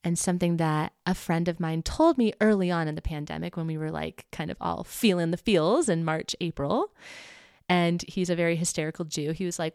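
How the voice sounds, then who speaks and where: A woman's voice: on the low side, fairly quick, a little mellow, clean tone, no room sound, clean studio sound. A young woman hosting a podcast, talking casually and animatedly to her listeners, often laughing and swearing lightly. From United States. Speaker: podcast host. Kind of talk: casual personal monologue to listeners.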